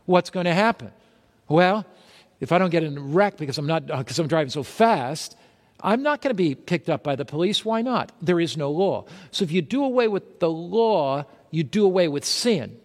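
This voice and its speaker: Male preacher, higher-pitched voice, quizzes the congregation with rhetorical questions, sermon delivery, long reverb. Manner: asks rhetorical questions and reads scripture aloud.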